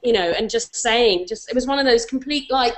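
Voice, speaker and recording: A woman's voice: on the high side, brisk, fairly bright tone. A woman in her forties, a talk show guest, telling a self-deprecating story with many restarts and fillers. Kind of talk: animated anecdote on a talk show.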